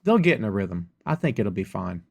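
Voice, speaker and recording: A middle-aged man hosting a podcast, reading out viewer questions and answering them with playful sarcasm in a relaxed live chat. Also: on the low side, fairly quick, vocal fry. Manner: reads viewer comments aloud and reacts with playful sarcasm. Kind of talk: casual live-stream chat.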